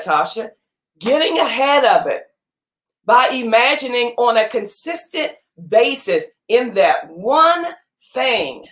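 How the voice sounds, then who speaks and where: A woman's voice: a little high, a bit bright. A woman giving a motivational talk to her audience, preaching with repeated phrases for emphasis. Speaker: motivational speaker and gym owner.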